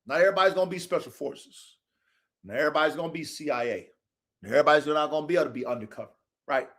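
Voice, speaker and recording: A man's voice: fairly high pitch, very fast, a bit bright. A man hosting his own show, talking unscripted to viewers in an aggressive, profane, preachy street style. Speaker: show host.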